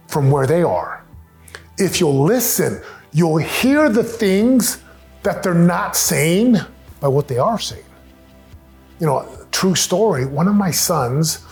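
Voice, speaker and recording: A middle-aged man giving an earnest, emphatic motivational talk on family advice, acting out quotes as he goes. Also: on the high side.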